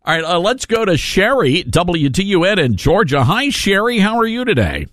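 A Southern-accented man hosts a talk radio show from a studio, bantering with callers in a folksy, joking way and laughing readily. His high, sing-song, slightly bright voice is captured on a studio mic with clean sound and no echo.

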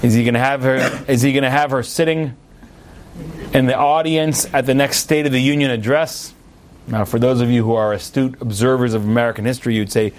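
Male rabbi, sermon storyteller: lively, playful asides, leaps up in pitch for emphasis. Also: fairly quick, slight background noise. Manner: animated storyteller, jokey asides, sudden high emphatic swings. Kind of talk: sermon with a told parable.

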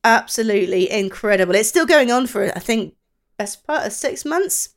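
A woman's voice: fairly high pitch, lively intonation, moderate pace. A woman co-hosting a podcast in casual chat, chatty with hesitant restarts. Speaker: podcast co-host.

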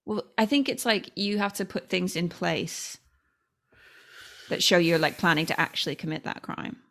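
A woman's voice: fairly low pitch, normal speed, gravelly. A woman with a Californian accent, co-hosting a casual true-crime podcast and telling the story with playful asides. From United States. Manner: animated storytelling with playful impressions. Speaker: podcast co-host.

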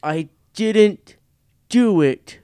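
A man voicing a chained, sullen beast that only repeats the same denial in a shrill, drawn-out whine. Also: dark tone, clean tone, dry recording, studio quality. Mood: insistent denial.

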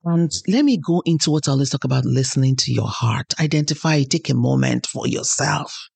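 A woman's voice: rumbling low, fairly quick, creaky, a little mellow, slightly rough, dry recording. A woman hosting a podcast, giving an earnest motivational talk and telling personal stories. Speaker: podcast host.

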